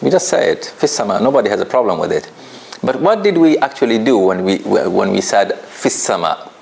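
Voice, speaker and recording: A man's voice: fairly low pitch, big pitch swings, fairly quick, gravelly, darkish tone. A man teaching a tajweed class in an office, patient and laughing often as he asks the students questions. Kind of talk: classroom lesson.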